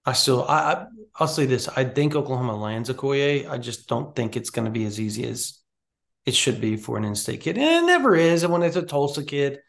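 A man's voice: mid-range voice, brisk, gravelly. A man co-hosting a recruiting podcast, chatting casually and animatedly, often restarting his sentences. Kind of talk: casual sports chat.

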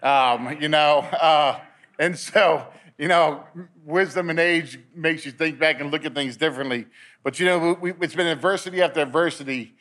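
A man's voice: a little high, a bit bright. A man giving a personal testimony at a men's meeting, telling his story in a storytelling way and repeating words as he gets caught up in it.

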